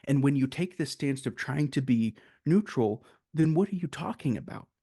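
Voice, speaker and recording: A man's voice: medium pitch, lively intonation, normal speed, mellow, husky, no room sound, studio quality. A man co-hosting a casual film review, making earnest points with rhetorical questions. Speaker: podcast co-host.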